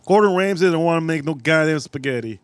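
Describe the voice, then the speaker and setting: A man hosting a live cooking stream outdoors at a grill, talking in a casual, profane way with sudden loud exclamations. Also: a little high, lively intonation, fast talker, clear, resonant tone, no echo.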